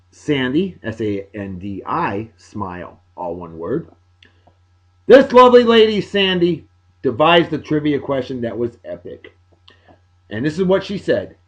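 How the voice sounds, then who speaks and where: A man, hosting a show and giving chatty, upbeat shout-outs with playful asides. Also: fairly high pitch, dull audio. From Massachusetts, USA. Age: 40s. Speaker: video show host. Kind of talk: casual birthday shout-outs.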